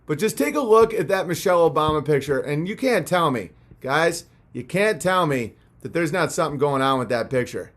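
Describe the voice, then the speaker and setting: A man's voice: fairly high pitch, animated, a little fast, few pauses, fairly bright tone. A young man hosting a livestream, rambling in a profane, mocking rant. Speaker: livestream host. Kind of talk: ranting livestream monologue.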